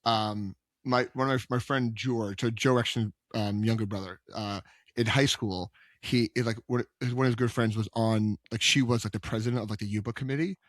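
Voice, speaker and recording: A man's voice: fairly low pitch, fairly even intonation, moderate pace, no room sound. A young man co-hosting a movie podcast in casual chat, rambling with many restarts and fillers. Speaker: podcast co-host.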